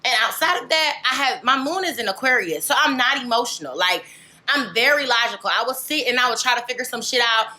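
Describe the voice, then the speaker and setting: A woman's voice: on the high side, expressive, a little fast, bright, forceful tone. A young woman vlogger chatting candidly to camera, rambling and filling with "like" and "legit". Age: young adult. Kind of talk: casual chat to camera.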